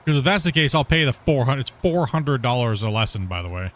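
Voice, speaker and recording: A man's voice: medium pitch, lively intonation, fairly quick, fairly bright tone. A man from Canada streaming a game and chatting casually, rambling with many fillers and restarts. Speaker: streamer host. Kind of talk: casual chat while gaming.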